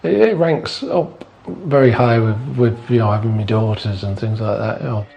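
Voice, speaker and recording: A man's voice: lowish voice, normal speed, creaky, lo-fi sound. An older man, a former doorman, telling stories casually at home, plain-spoken and swearing, acting out what people said. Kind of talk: casual storytelling. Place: indoors in a family home.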